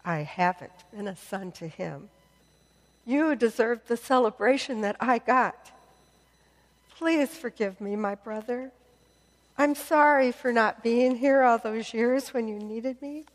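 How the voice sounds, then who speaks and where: A woman voicing a remorseful young man who slowly and softly pleads to be forgiven. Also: on the high side, in a large hall. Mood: humble, pleading. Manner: slow, soft, apologetic pleading. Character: remorseful young adult man, humble prodigal son.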